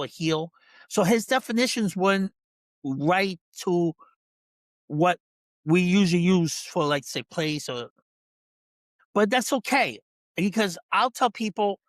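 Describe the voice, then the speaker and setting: A man's voice: high voice, no echo. A man who works as a dog trainer, a podcast guest telling a story in casual talk, full of restarts, who acts out other people's lines. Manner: frequent restarts and repeated words.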